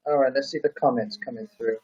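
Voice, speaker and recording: A man's voice: mid-range voice, fairly even intonation, quick pace, a little mellow, dull audio. A man hosting a casual live stream, reading viewer comments aloud and joking about them with a chuckle.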